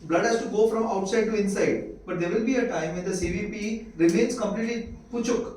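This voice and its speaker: In an echoey room with a distant microphone and slight background noise, an Indian English–accented man gives a classroom lecture. His high-pitched voice has a slightly mellow quality, and he repeats himself often, pausing to ask students if they understand.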